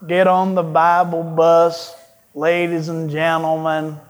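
A man doing an impression of an older male radio Bible teacher, with a slow, drawn-out, folksy delivery. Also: fairly high pitch, monotone, pitched below the performer's own voice.

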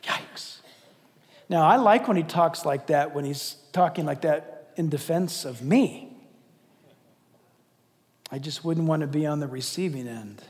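A man preaching a sermon as pastor, impassioned, swinging from loud declaiming to hushed asides. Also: fairly high pitch, measured pace. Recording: long reverb of a large hall.

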